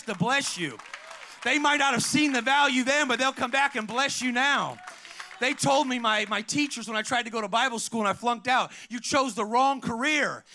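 A middle-aged man preaches with real fire, his voice pitched strikingly high and ringing bright. He tells stories and keeps calling out to the congregation as he goes. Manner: preaching with call-outs to the congregation, storytelling. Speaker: pastor. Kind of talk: energetic sermon.

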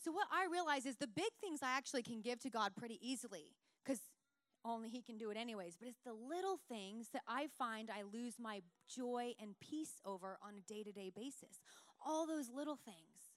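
A woman preaching a sermon, telling lively self-mocking stories and then turning soft and earnest. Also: a little high, moderate pace, no echo. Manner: animated, self-mocking storyteller.

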